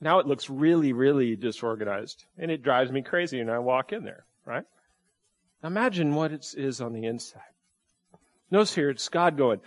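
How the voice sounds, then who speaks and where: A pastor with a fairly high voice preaches to his congregation. He keeps it conversational and throws out rhetorical questions, often repeating and restarting phrases as he goes. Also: animated, normal speed. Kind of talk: sermon.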